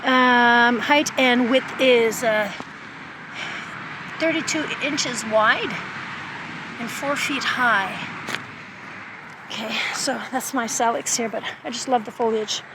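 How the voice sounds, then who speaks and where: A woman's voice: a little high, slow pace, long pauses, background noise. A woman showing off the plants she bought in a casual gardening vlog, chatting outdoors and a little out of breath in the heat. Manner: chatty, thinking aloud about plant names. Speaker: gardening vlogger. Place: outdoors, at a garden center and in her backyard.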